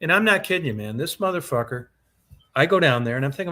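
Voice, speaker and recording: A man with a bright, sharp-edged voice tells a long personal story on a casual podcast. He swears at nearly every turn and rambles freely, circling back through the tale. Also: on the high side, animated, fast talker. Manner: profane, rambling anecdote-telling. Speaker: podcast co-host. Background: co-host's short reactions.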